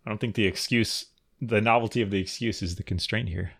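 A man's voice: on the low side, fairly even intonation, fast, gravelly, fairly bright tone, dry recording, clean studio sound. A man co-hosting a podcast, chatting casually in a wry, understated way and reading out a listener question. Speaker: podcast co-host. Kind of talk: casual chat.

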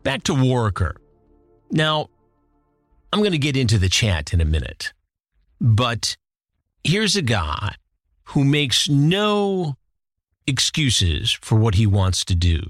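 A man's voice: medium pitch, wildly swooping pitch, takes it slowly, long pauses, dry recording, clean studio sound, soft background music. A man hosting a commentary show, retelling a case in an indignant, worked-up way. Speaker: host. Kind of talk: commentary podcast.

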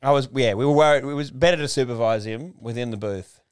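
A man with an Australian accent telling lively stories in a casual chat, laughing often. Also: medium pitch, quick pace, smooth. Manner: animated storyteller, laughs often. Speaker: podcast co-host or guest.

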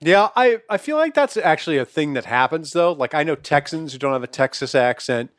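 A middle-aged man co-hosts a podcast, chatting loosely and profanely and laughing often. His fairly high voice is animated and brisk, recorded at studio quality with no echo.

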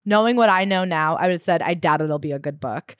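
A woman co-hosting a podcast in casual chat, quick and opinionated. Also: on the low side, no room sound, studio quality. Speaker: podcast co-host.

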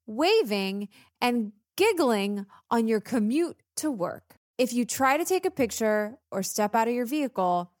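A woman co-hosts a podcast, chatting casually and telling stories as an animated storyteller who acts out the dialogue. Her voice is on the high side, captured in a dry, studio-quality recording.

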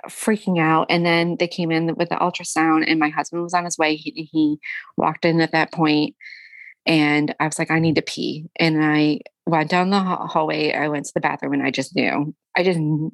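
Young woman guest, low-ish voice, dry close sound, talks in halting emotional bursts. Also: fairly even intonation, no room sound. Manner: halting, emotional, often quoting herself; frequent fillers and restarts. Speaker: guest sharing a personal story. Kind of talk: candid conversational storytelling.

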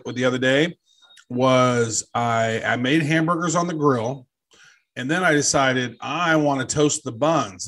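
A man co-hosting a podcast in casual chat, joking and telling animated stories. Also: mid-range voice. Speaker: podcast co-host.

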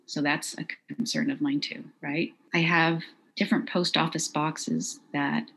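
Quiet halting middle-aged woman, gravelly voice, interview guest. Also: low-pitched, little pitch movement, slight background noise, poor audio. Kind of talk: personal testimony in interview.

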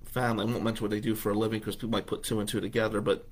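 Animated man telling a personal story. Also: fairly low pitch, racing, slightly rough. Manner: animated, conversational, acts out dialogue. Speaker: radio host.

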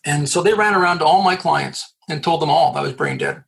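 A middle-aged man from Canada, a guest in an interview, telling a story in an animated way, laughing and acting out the voices he quotes. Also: a little high, a little fast, vocal fry, poor audio. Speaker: guest, recruiter. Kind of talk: storytelling in a conversation.

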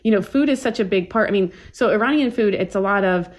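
A woman's voice: medium pitch, fast talker. Chatty woman telling family stories. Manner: chatty storyteller, many likes and restarts, acts out family quotes. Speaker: podcast guest, chef. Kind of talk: casual podcast chat.

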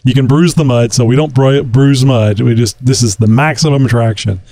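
A man's voice: medium pitch, normal speed, mellow, dry recording. A man co-hosting a podcast, chatting casually with rambling asides. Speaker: podcast co-host. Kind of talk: casual chat.

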